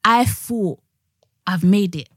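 A woman's voice: mid-range voice, takes it slowly, dry recording, studio quality. A young woman co-hosting a podcast, telling stories in casual chat full of slang. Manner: animated storytelling with slang and laughter. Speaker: podcast co-host.

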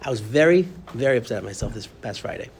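Fast, lively man teaching a class. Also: mid-range voice, a little hiss or hum. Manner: animated, talks fast and directly to students. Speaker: Torah teacher. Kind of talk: classroom lecture.

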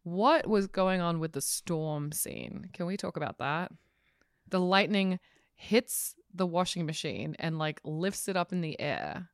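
A woman's voice: lowish voice, lively intonation, a little slow, clean tone, dry recording, studio quality. A woman co-hosting a casual movie review podcast, blunt and sarcastic, swearing freely. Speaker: podcast co-host.

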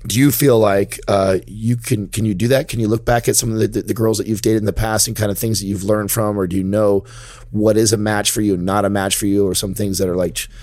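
A man's voice: on the low side, steady tone, fast, darkish tone, dry recording. A man in his thirties hosting a podcast, laid-back and casual, calling people dude and bro. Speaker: podcast host.

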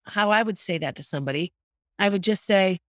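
A woman's voice: mid-range voice, brisk, no echo, clean studio sound. Candid middle-aged woman hosting a podcast. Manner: candid and earnest, speaking openly about grief. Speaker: podcast host. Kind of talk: reflective podcast monologue.

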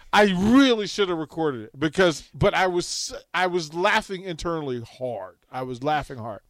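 A man's voice: high voice, dry recording. A man hosting a talk radio show, telling a funny story with lots of laughter.

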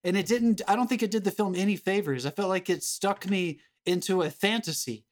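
Brief: male podcast co-host, raised pitch, emphatic and exasperated, frequent cursing. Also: brisk. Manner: emphatic, exasperated, swears often. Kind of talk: casual film-review chat.

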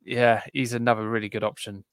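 Male podcast co-host, smooth resonant voice, dry close sound, chatty and wry. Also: lowish voice, brisk, no room sound. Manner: chatty, self-deprecating, animated asides. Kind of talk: casual chat.

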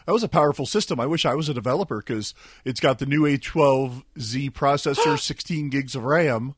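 A man's voice: mid-range voice, brisk, husky, no echo, clean studio sound. A man co-hosting a casual tech podcast, easygoing and explanatory. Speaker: podcast co-host.

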